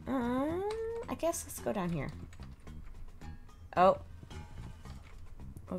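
A woman talks through a video game as she plays, chatty and prone to laughter. Her delivery is slow and leisurely, her voice has a gravelly texture, and her pitch swings up and down freely. Soft music plays behind her. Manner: chatty, thinks aloud, laughs often. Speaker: gameplay streamer. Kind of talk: casual gameplay commentary.

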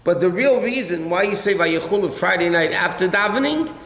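An American rabbi teaches a halacha class in an echoey hall, explaining religious law conversationally and taking questions from listeners. His voice is high, expressive, and fairly bright, and his pace is brisk.

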